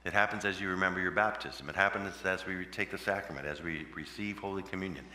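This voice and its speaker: A man preaching a sermon in a conversational way, with sudden loud emphatic bursts, recorded in a church. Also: low voice, fast talker. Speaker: pastor. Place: church sanctuary. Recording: echoey church hall with long reverb, faint hum.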